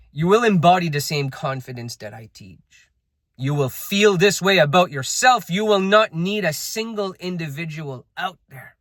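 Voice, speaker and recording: A man's voice: high voice, fairly bright tone, no room sound, clean studio sound. A man giving an unscripted motivational talk as a self-improvement coach, blunt and emphatic, swearing freely.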